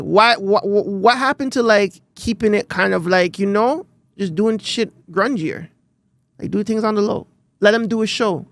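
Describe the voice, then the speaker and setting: A Canadian man co-hosting a podcast, chatting casually in animated, rambling bursts with frequent restarts. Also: high-pitched, vocal fry, no room sound. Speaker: podcast co-host. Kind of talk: casual chat.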